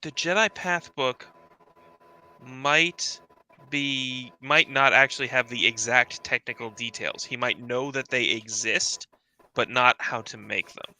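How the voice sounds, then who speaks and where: A man's voice: mid-range voice, steady tone, a little slow, pushed and bright, faint music behind, poor audio. A man in casual chat about fiction, rambling and swearing often.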